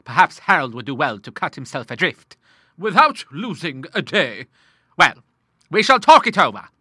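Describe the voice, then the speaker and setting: A man playing a bluff, hearty old navy admiral in a storybook reading. He blusters along in a lively, bouncing voice, bright and forceful, recorded close and dry. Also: fairly high pitch, moderate pace, slightly rough, dry recording, full character voice. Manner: hearty, blustering, full of sea talk.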